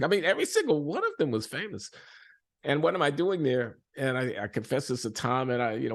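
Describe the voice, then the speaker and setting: An older man speaking as an interviewee in a reflective conversation, pausing and restarting often and growing animated when he tells a story. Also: on the high side, gravelly. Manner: halting, with many restarts and fillers, animated when retelling stories. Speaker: interviewed economist.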